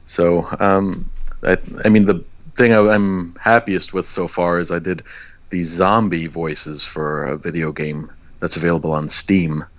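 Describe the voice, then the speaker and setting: A man who is a voice actor, guesting on a casual podcast, relaxed and chuckling between answers. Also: low voice, highs cut off.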